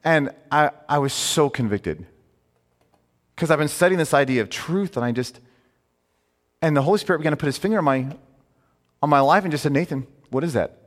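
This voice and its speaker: Male pastor, sermon, animated, rhetorical questions, slightly high voice, long hall reverb. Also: a little fast, pauses often. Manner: conversational and emphatic, with rhetorical questions.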